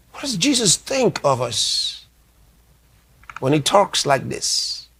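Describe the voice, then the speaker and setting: A man's voice: a little high, creaky, a bit bright. A man preaching a sermon as a pastor, delivering emphatic lines, repeating key phrases and reading scripture aloud. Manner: reads scripture aloud slowly.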